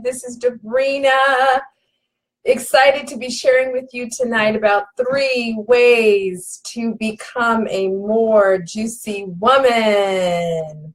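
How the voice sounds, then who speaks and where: A woman's voice: fairly high pitch, steady tone, slow. A woman hosting a live online broadcast, effusive and welcoming, greeting viewers by name and repeating her words. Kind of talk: live-stream talk to viewers.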